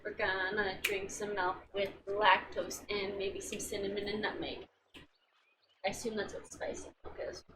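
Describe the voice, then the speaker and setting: A woman's voice: medium pitch, level tone, normal speed. Playful woman on a distant, noisy mic. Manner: teasing, playful. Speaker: gaming streamer. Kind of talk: casual gameplay chat. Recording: distant mic with background noise.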